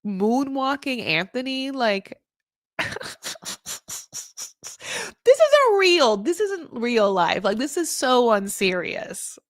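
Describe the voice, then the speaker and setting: A woman casually recapping a reality show, chatty and animated, full of "like" and laughs. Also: a little high, slow pace, no echo, studio quality. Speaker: recap podcast host.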